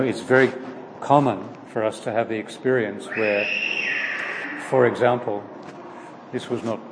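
A man leading a Bible study, praying and then teaching in an informal, halting way with many pauses. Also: on the low side. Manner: slow, halting, with frequent "uh" pauses. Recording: long reverb with faint background noise.

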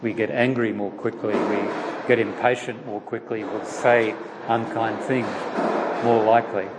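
A man leading a Bible study, praying and then teaching in an informal, halting way with many pauses. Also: fairly low pitch, little pitch movement. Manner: slow, halting, with frequent "uh" pauses. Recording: long reverb with faint background noise.

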